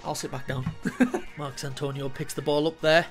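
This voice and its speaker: A young man doing excitable, jokey let's play commentary while he plays a football game, swearing often. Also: on the high side, moderate pace, soft background music. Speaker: gaming YouTuber.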